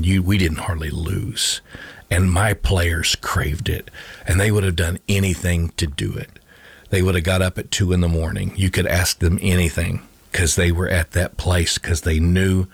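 A man's voice: low voice, vocal fry, husky, no echo. A middle-aged man, a former coach, telling a personal faith story in conversation, earnest, repeating and restarting his phrases. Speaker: interview guest, former coach.

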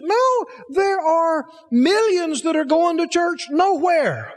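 A man's voice: very high-pitched, big pitch swings, slow pace, few pauses, in a large hall. A man preaching a sermon, emphatic, asking the congregation rhetorical questions.

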